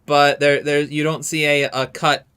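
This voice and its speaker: A man's voice: on the high side, flat delivery, normal speed, sharp tone, clean tone. A man running a tabletop game as game master, describing scenes with frequent ums and restarts.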